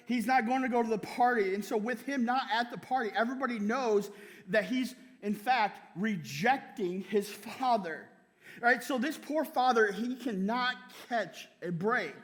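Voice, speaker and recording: A man preaching in church with a strikingly high voice, talking to the congregation like a friend. He keeps checking in with "right?" and slips laughs into his sentences. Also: big-room sound. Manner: conversational preaching, tags many lines with "right?"; laughs often while speaking. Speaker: pastor. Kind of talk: sermon.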